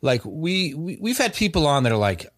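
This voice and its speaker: Animated, rambling male podcast storyteller. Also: on the high side, normal speed, dry recording, clean studio sound. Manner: rambling, many restarts and fillers. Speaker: podcast host telling a story.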